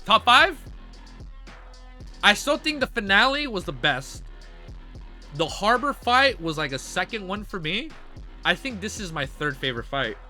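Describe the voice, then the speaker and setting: A man live-streaming his reactions, excitable and hyped, with casual slang and swearing. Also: sits high, moderate pace, faint music behind. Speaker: streamer reacting to a web novel.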